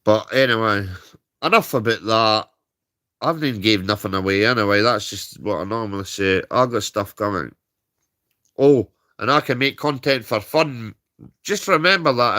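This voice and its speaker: A man's voice: medium pitch, pushed and bright. A British man ranting on a livestream, heated and swearing, tagging his points with "right?". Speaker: streamer. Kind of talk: angry livestream rant.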